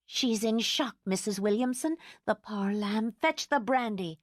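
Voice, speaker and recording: A woman's voice: mid-range voice, measured pace, no room sound, clean studio sound, pitched above the performer's own voice, lightly acted. Woman voicing a fierce fussing housekeeper. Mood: indignant. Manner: indignant, fussing.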